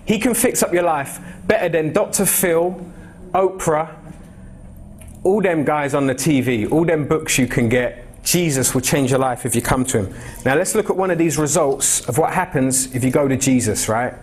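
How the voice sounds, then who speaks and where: Conversational young male preacher, slightly high. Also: normal speed. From England. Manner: conversational and direct, asks the congregation questions. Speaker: pastor. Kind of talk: expository sermon. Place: church.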